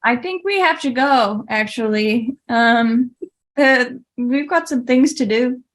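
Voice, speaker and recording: A woman's voice: fairly high pitch, slow pace, voice pushed up. Woman playing a hesitant young dwarf woman. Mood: evasive. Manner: hesitant, stammering.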